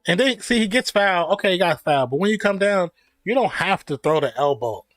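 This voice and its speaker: A man's voice: sits high, animated, a little fast, fairly bright tone, no room sound. A man streaming casual play-by-play of a basketball game, opinionated and jokey, laughing at his own remarks. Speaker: streamer giving play-by-play at a live watch party. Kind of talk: casual fan play-by-play commentary.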